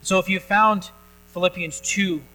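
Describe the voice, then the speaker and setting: A male pastor preaching a sermon in a church, telling a story in a relaxed conversational way with frequent pauses and restarts. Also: high voice, soft background music, low-quality recording.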